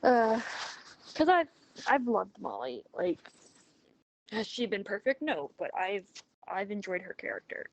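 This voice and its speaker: A woman's voice: medium pitch, big pitch swings, measured pace, pauses often. A woman chatting casually in a voice message about books she is reading, talking in an earnest, rambling, hesitant way. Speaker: book vlogger. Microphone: phone voice messaging app.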